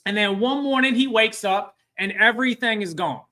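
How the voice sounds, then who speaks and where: High, bright-voiced male webinar presenter. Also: normal speed. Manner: engaging, quizzes the audience often. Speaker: workforce training webinar presenter. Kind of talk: live webinar talk with storytelling.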